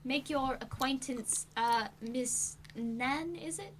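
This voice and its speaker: A woman player in a tabletop game, speaking in a hesitant, polite and halting way. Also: high voice. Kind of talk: tabletop role-play.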